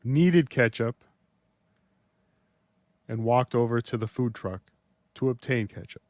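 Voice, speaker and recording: A man's voice: mid-range voice, slow pace, darkish tone, no room sound. A man asking probing questions in a dry, mock-serious interview manner.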